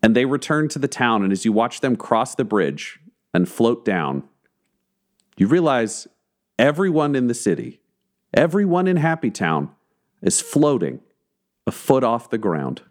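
A man narrating as game master, telling the story slowly and theatrically and building tension. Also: medium pitch, big pitch swings. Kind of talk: dramatic tabletop narration.

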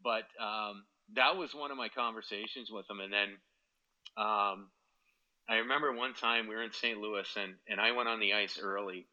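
A man's voice: fairly low pitch, moderate pace, sharp tone, dull audio. A man, a former hockey player, telling long, rambling stories in an interview and quoting what others said to him. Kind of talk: storytelling in a podcast interview.

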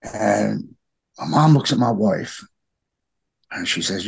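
Middle-aged man, podcast guest, rough husky low voice, halting heartfelt delivery. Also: expressive. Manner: halting, repeats words, heartfelt. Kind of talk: emotional personal conversation.

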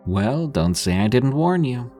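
A man's voice: medium pitch, very animated, unhurried, warm tone, soft background music, voice pushed up. A man voicing a young male camper who earnestly tells a spooky hunting story.

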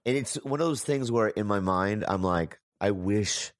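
A man, a comedian guest in a casual chat, reacting with excited exclamations. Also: moderate pace, no echo, clean studio sound. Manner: excitable, jumps to high exclamations.

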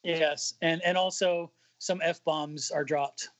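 A man co-hosting a podcast in a relaxed, unhurried way. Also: a little high. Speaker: podcast co-host. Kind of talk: casual chat.

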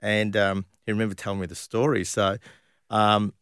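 A man with an Australian accent recounts his football days in a relaxed, chatty way, full of "um"s, restarts and animated asides. His voice sits low and the sound is dry and close, with no room behind it. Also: normal speed, smooth, no echo. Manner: animated anecdotes with many fillers and restarts. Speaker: guest, former professional footballer. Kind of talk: casual storytelling interview.

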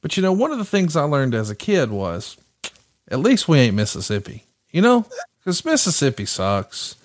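A middle-aged man from Alabama speaks with a Southern accent in a slightly high voice, his pitch swinging hugely at a moderate pace. He co-hosts a casual wrestling podcast, enthusiastic and teasing, with some swearing.

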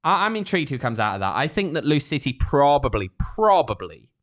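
Lively, chatty male soccer podcaster. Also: fairly high pitch, fairly quick. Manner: chatty, lively, dry sarcasm. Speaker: podcast co-host. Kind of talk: casual soccer preview chat.

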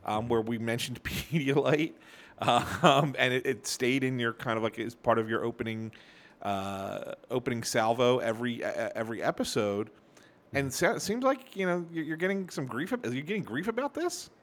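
A man's voice: medium pitch, lively intonation, normal speed, a bit bright. A man co-hosting a casual hockey podcast, teasing his partner with dry banter. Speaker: podcast co-host.

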